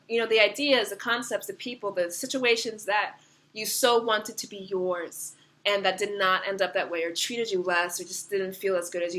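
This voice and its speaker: A young woman giving a casual, animated tarot reading, swearing freely and laughing often. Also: mid-range voice. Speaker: tarot reader.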